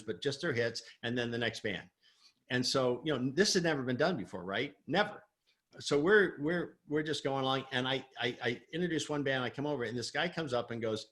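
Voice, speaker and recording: A middle-aged man tells a story as a guest on an interview show, his voice bright and his pitch swinging up as he acts out the people he quotes. He laughs often and talks in a lively way. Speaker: guest, performance coach.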